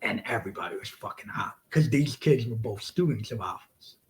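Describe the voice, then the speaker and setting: Profane, animated man telling a wrestling story. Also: fairly low pitch, normal speed, poor audio. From United States. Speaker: wrestler guest. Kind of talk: casual storytelling interview.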